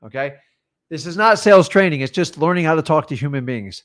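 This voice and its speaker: A man's voice: fairly high pitch, expressive, brisk, fairly bright tone. A man coaching a class on real estate deals, talking in punchy, direct bursts and acting out sample lines with sellers. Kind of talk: live training talk.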